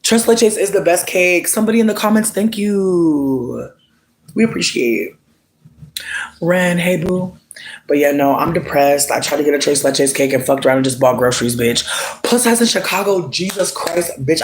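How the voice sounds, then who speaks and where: A live streamer ranting in a casual, dramatic way, swearing often, calling viewers sweetie, and jumping into sudden squeals and drawn-out words. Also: medium pitch.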